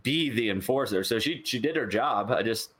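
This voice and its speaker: A man's voice: medium pitch, lively intonation, fairly bright tone, slightly rough. Exasperated man ranting about wrestling. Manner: exasperated ranting, fast complaints. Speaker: podcast co-host. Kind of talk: casual wrestling review chat.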